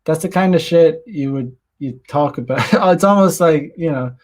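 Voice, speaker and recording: A man's voice: a little high, moderate pace, darkish tone. Crude rambling young man streamer. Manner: crude, rambling, laughs often, many fillers. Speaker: streamer host reading chat. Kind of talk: casual livestream chat.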